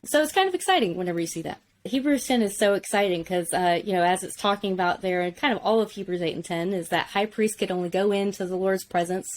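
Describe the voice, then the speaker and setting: A woman teaching Biblical Hebrew in a relaxed conversational way, enthusiastic and explanatory, often saying "like". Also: mid-range voice, fast, hardly any pauses.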